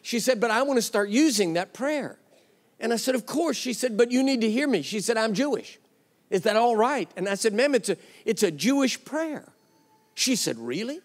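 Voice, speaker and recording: Man preaching, high voice, long hall reverb. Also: lively intonation, moderate pace. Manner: storytelling with quoted dialogue, emphatic. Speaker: pastor. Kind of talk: sermon.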